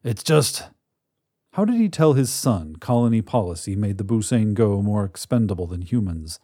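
A man in scripted narration of a science fiction story, telling it in a measured, dramatic way on a close mic. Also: on the low side, sing-song, mellow, no room sound.

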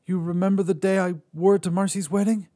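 A man's voice: high-pitched, flat delivery, fast, warm tone, pitched above the performer's own voice. A man voicing a heartbroken young man who pleads with his ex, choked and breathless. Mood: pleading.

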